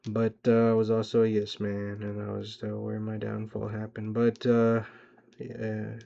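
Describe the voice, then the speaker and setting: A young man with a gravelly, low voice that stays flat and warm as he rambles. He swears freely and pumps himself up in a casual vlog monologue. The sound is dull and lo-fi, recorded in a car. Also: unhurried. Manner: rambling, profane, self-hyping. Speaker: vlogger.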